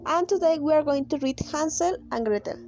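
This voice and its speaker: A young woman student with Spanish as her first language introduces her team and reads a fairy tale aloud in a brisk, earnest way. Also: high voice, highs cut off, slight background noise. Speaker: student reader. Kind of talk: reading a story aloud. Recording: music loud under the voice.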